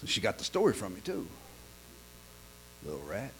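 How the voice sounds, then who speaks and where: A man preaching in a folksy, joke-telling sermon style, stammering and repeating himself, swinging from quiet asides to loud punchlines. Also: fairly low pitch, huge pitch swings, normal speed, a little hiss or hum. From lives in Oklahoma.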